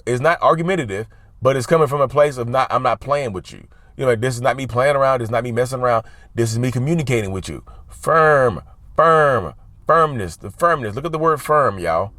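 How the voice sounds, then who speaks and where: With a mid-range, slightly bright voice and no room sound, this mental health channel host gives relaxed advice. Repeated key words drive his points home, and he calls his audience "y'all."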